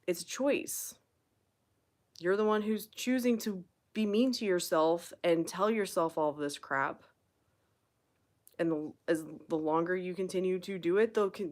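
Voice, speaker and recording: Blunt, swearing woman coach. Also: fairly low pitch. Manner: blunt, swears freely, emphatic and encouraging. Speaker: manifestation coach hosting a live Q&A. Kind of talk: casual live-stream advice, reading viewer comments.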